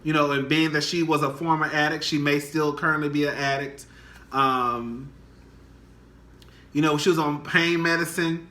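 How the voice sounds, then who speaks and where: A young man with a high-set, very bright voice gossips to his viewers in a casual vlog. He talks dramatically and profanely, calling everyone girl. The sound is echoey, as if recorded in a bare room. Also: steady tone, normal speed. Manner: dramatic and chatty, swinging high and low. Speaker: vlogger.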